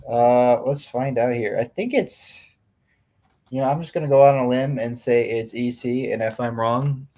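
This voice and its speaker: A young man co-hosting a casual comics chat, rambling with lots of fillers and quick laughs. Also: mid-range voice, mellow. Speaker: podcast co-host.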